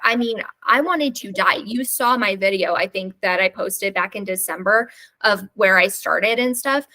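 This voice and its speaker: A woman's voice: mid-range voice, normal speed, pushed and bright, low-quality recording. A woman hosting a podcast who talks candidly and rambles, sometimes losing her train of thought. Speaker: podcast host. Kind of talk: casual interview chat.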